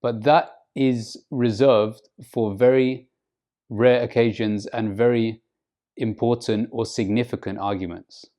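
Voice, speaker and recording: A man giving an English lesson to camera, speaking slowly and deliberately and acting out example phrases with exaggerated rises and falls in pitch. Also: steady tone, mellow. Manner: slow, deliberate teaching, models phrases with exaggerated intonation. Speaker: English teacher.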